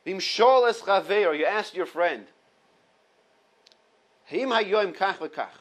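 A Torah teacher with a high, expressive voice speaks slowly while teaching an informal halacha class. Reading Hebrew texts, he explains them step by step in English, interweaving Hebrew quotes and repeating the main points, though the audio is poor.

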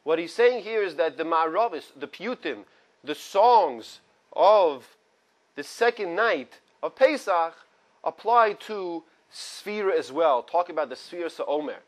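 A man's voice: fairly high pitch, lively intonation, a little slow. A man teaches a small morning Torah class. He reads Hebrew and Aramaic phrases from the text, translates each one, and adds casual, conversational asides. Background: small study group in the room.

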